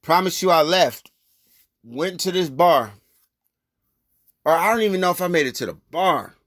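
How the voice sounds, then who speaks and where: A man's voice: on the high side, expressive, normal speed, a bit bright, dry recording, clean studio sound. A man telling a personal story in loose, rambling, profane street talk. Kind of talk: casual storytelling.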